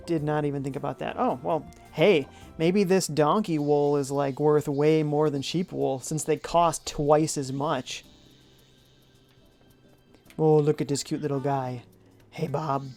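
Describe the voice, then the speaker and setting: A gravelly-voiced game streamer talks through play in a loose, chatty way, reading viewer messages aloud and answering them. Thoughts come out half-formed, with hums while weighing choices. Soft music sits faintly in the background. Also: mid-range voice. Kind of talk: live-stream gameplay commentary, reading chat aloud.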